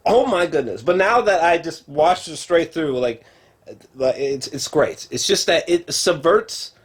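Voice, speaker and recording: A man with a slightly rough, slightly high voice reviews a TV show at home, speaking unhurriedly to a camera. He's a film and TV reviewer who rambles excitably, swearing and leaning on fillers.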